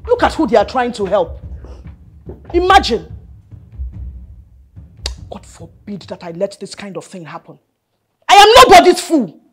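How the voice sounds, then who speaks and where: A woman's voice: mid-range voice, big pitch swings, a little slow, long pauses. A woman with a Nigerian accent playing a wealthy, domineering middle-aged mother who is scornful and commanding in a film drama. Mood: furious. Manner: scornful, commanding, shouting at times.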